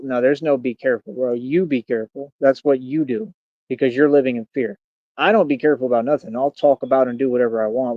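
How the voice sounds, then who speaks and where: A streamer and radio show host in his thirties rants on a livestream, fast-talking, boastful, and confrontational toward his critics. His medium-pitched voice is recorded dry, with the highs cut off.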